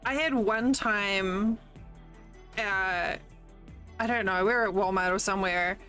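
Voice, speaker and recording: A woman's voice: mid-range voice, unhurried, faint music behind. A woman from New Zealand with a New Zealand accent, hosting a stream with blunt, profane casual chat. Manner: blunt, swears freely, animated storytelling. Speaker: streamer host.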